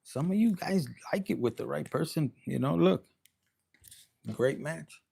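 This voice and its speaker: A man's voice: a little high, expressive, a little slow, gravelly, dark tone, slightly rough. A man giving a casual, rambling and bawdy tarot reading, joking and slipping into Spanish. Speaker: tarot reader.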